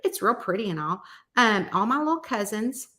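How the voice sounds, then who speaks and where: A woman's voice: medium pitch, expressive, moderate pace, sharp tone. A middle-aged woman, chatting casually and telling a folksy story, acting out the quotes. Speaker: mystery author hosting a weekly chat.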